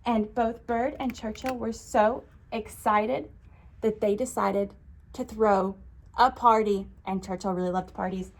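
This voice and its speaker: A woman librarian reading a children's storybook aloud, expressive with frequent gasps. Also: mid-range voice, unhurried.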